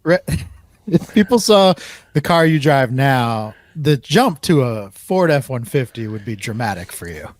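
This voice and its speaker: A man's voice: mid-range voice, sing-song, dry recording, studio quality. A man co-hosting a sports podcast, teasing and bantering in casual chat. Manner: teasing, quick to agree and banter. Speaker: podcast co-host.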